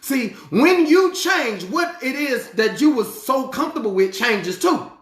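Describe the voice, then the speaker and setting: An emphatic life-coach preacher delivering a motivational sermon in plain street talk, hammering the same refrains again and again. The pitch swings widely and animatedly. The voice rings in a roomy, echoing space. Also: expressive, unhurried, a bit bright. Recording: roomy echo.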